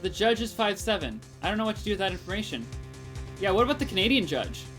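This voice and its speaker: A woman streamer chatting casually and joking while playing a game, with loud outbursts. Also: medium pitch, big pitch swings, quick pace. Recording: game music playing behind.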